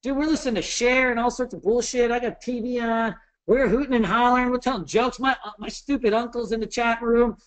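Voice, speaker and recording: Animated, swearing man in his thirties teaching. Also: very high voice, fairly quick. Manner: animated, swears, jokey storytelling. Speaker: trading instructor. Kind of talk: casual webinar lecture.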